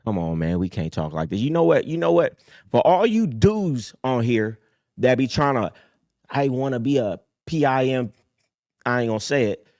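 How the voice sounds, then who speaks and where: A man hosting a live call-in show, talking casually in a streetwise, preachy way that swings from low mutters up to high emphatic bursts. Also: big pitch swings, moderate pace, darkish tone, no echo, studio quality. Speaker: host. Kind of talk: casual livestream talk.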